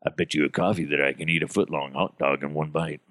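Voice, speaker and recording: A man's voice: very deep voice, steady tone, fast talker, a bit bright, voice pushed down. A man putting on a cocky male compulsive gambler, eager to wager on anything.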